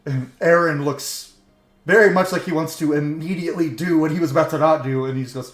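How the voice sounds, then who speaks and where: A man's voice: fairly high pitch, normal speed. Male game master, casual tabletop narration, medium voice, roomy recording. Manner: casual, filler-heavy storytelling.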